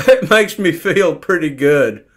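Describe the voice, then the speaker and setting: A man's voice: on the high side, expressive, slow. A man doing an impression of a bossy older male TV psychologist who prods and mocks the other man, repeating his name. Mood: needling. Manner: prodding, mocking, repeats the other man's name.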